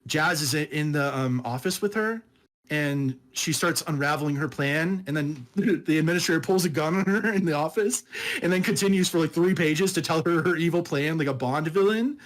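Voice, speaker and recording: A man with a somewhat high voice co-hosts a casual podcast, reviewing a book with a friend at a moderate pace. He rambles loosely, laughs a lot and keeps saying "dude."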